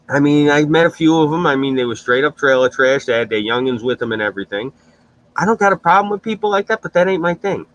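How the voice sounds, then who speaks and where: A man's voice: medium pitch, a bit bright, poor audio. A man in casual chat, telling blunt, profane stories on a stream.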